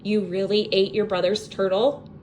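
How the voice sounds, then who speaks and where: A woman's voice: mid-range voice, flat delivery, moderate pace, a little mellow, a little hiss or hum, natural voice. A woman voicing a busy mother who fusses and scolds, in a storybook read-aloud. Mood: flustered. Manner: fussy, scolding tone. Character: busy mother, fussing and flustered.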